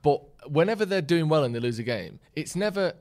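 A man's voice: fairly high pitch, animated, fairly quick, darkish tone. A man hosting a casual football podcast, reading out viewer comments and chatting in a jokey way. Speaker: podcast host.

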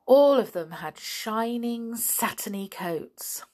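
A woman reading a children's book aloud, expressive and animated, with chatty asides. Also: a little high, slow. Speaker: storyteller.

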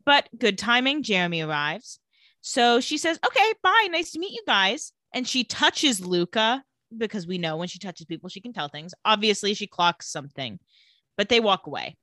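A woman's voice: medium pitch, normal speed, dry recording, studio quality. A woman co-hosting a casual podcast, animatedly recapping a TV episode and acting out the characters' lines. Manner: animated storyteller who acts out characters' quotes. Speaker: podcast co-host.

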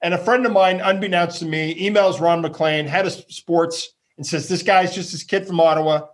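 Energetic storytelling man, slightly high voice. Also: normal speed. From Canada. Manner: energetic, acts out quotes, laughs often. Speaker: guest, professional fan entertainer. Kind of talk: animated storytelling interview.

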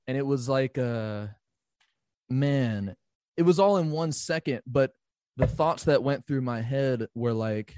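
A man's voice: medium pitch, slow pace, no room sound, clean studio sound. A man in casual podcast chat, telling a story with lots of swearing and acting out his own panicked reactions. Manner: profane, excitable, acts out his own reactions.

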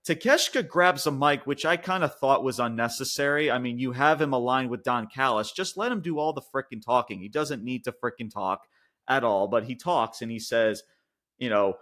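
A man's voice: mid-range voice, brisk. Ranting, swearing man reviewing wrestling. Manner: profane, ranting, swings from loud outbursts to mutters. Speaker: podcast co-host. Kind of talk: casual wrestling review chat.

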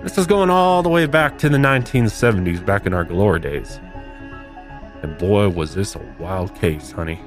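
A man's voice: low-pitched, animated, normal speed, faint music behind. A man hosting a comedy podcast, telling a paranormal story with mock-dramatic flair. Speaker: podcast host.

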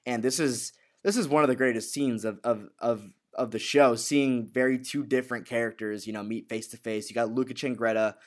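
A man talks through a television episode in a loose, casual chat. He rambles, stumbles over repeated words, and slips into the lines he quotes. His voice sits at an ordinary middle pitch. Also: fairly even intonation, fairly quick, hardly any pauses. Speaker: podcast co-host.

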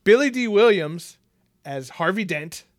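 A man's voice: sits high, lively intonation, unhurried, dry recording, studio quality. A man co-hosting a casual movie chat, laughing often and swearing freely as he rambles. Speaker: podcast co-host.

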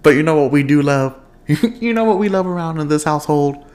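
A young man hosting his own podcast in casual, expressive chat, laughing often and wandering off on tangents. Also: a little high, fairly quick. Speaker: podcast host.

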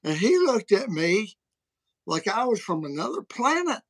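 In a high, sing-song, slightly rough voice, a middle-aged Southern-accented man from Alabama unhurriedly spins rambling, folksy tales with restarts. He's a guest apologist on a casual livestream chat, captured in low-quality audio without room sound.

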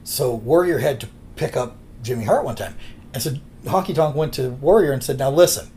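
A man's voice: medium pitch, expressive, fairly quick, dark tone, a little hiss or hum. A man co-hosting a podcast who tells rambling anecdotes in casual chat and acts out the quotes. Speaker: podcast co-host.

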